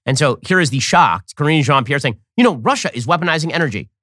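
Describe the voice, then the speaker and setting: A man hosting a political commentary show, talking in a fast, mocking, sarcastic way. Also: no room sound, clean studio sound. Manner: mocking, rapid-fire, animated pitch swings.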